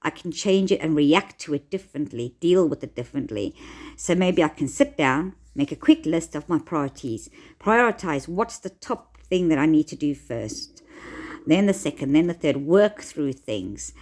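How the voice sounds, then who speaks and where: A woman with a low, deep-set voice talks through self-help advice. She speaks conversationally and encourages gently, with frequent filler words. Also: expressive, normal speed.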